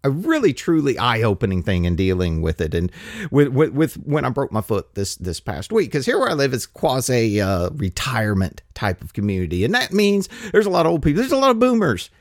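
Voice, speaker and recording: A man's voice: medium pitch, huge pitch swings, a little fast, no echo, clean studio sound. A man hosting a podcast alone, rambling through listener mail with restarts and chuckles. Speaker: podcast host. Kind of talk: casual solo podcast monologue, reading listener mail.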